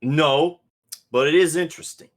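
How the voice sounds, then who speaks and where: A man doing a booming brash mechanic. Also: moderate pace, close to an everyday voice. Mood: boastful. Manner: booming, pushy, talks loud on purpose. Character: loud brash male mechanic with a wrench hand.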